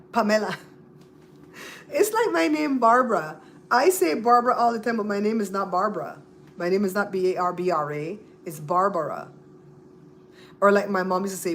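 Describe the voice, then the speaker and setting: A woman with a Belizean accent and a medium-pitched voice hosts a casual livestream with a little hiss or hum in the audio. She chats with her viewers and repeats and spells out their names.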